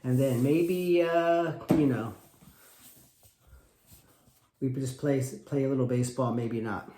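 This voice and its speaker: A wrestling coach gives animated, emphatic advice, acting out little dialogues with parents and repeating himself often. His voice is mid-range and mellow, with a steady tone, a slightly slow pace, and a reverberant sound.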